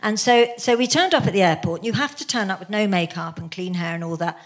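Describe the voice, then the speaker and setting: Woman telling lively stories on stage. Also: mid-range voice, fast talker. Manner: lively storytelling with frequent laughs. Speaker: podcast guest. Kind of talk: casual chat. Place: theatre stage before an audience.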